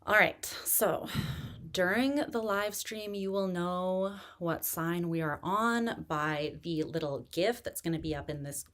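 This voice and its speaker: Woman tarot reader, fairly low voice, casual rambling stream talk, a bit short of breath. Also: a little slow. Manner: relaxed, rambling, many fillers and restarts. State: recovering from pneumonia, speaking slowly to catch her breath. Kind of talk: casual live-stream chat.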